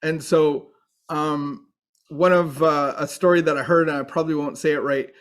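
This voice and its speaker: A man's voice: fairly high pitch, steady tone, normal speed, fairly bright tone. Earnest man giving a recovery talk. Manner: earnest, with frequent restarts. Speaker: recovery speaker. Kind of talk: faith-based recovery talk.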